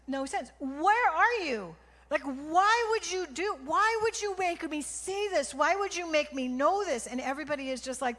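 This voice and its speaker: A woman preaching a sermon, telling a story with strong emotion, dropping to hushed whispers and rising to loud cries. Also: mid-range voice. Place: church. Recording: long hall reverb.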